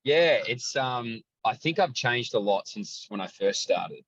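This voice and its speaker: A young man, a sports journalist and commentator, telling stories loudly and freely in a casual podcast chat. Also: medium pitch, expressive, measured pace, no echo, highs cut off. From Australia. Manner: loud, outlandish storyteller.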